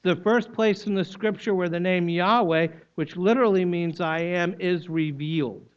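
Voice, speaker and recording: Male preacher, slightly high pitch, explanatory and emphatic; muffled lo-fi sermon recording. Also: normal speed. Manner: explanatory teaching, emphatic repetition. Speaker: pastor. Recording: dull lo-fi recording.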